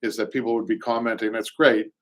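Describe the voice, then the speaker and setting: The voice belongs to a fast-talking, middle-aged man from Boston who works as an upholsterer and hosts a live show. It sits on the low side with a level tone. He rambles casually, repeats himself, and reads comments from the audience aloud.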